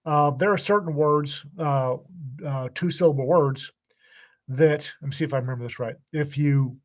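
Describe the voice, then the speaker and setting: A man's voice: on the high side, moderate pace. An older man co-hosting a casual podcast, grumpy and hesitant, dropping offhand swear words between ums. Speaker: podcast co-host. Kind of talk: casual chat.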